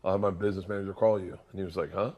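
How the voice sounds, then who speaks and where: Fast-talking man in casual chat. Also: deep voice. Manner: fast, animated storytelling, laughs along. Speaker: podcast co-host.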